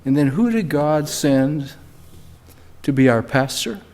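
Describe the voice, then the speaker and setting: An older man preaching a sermon in a church, talking in a relaxed storytelling way and rising emphatically on key words. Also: on the high side, slow, slight background noise. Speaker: pastor. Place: church sanctuary.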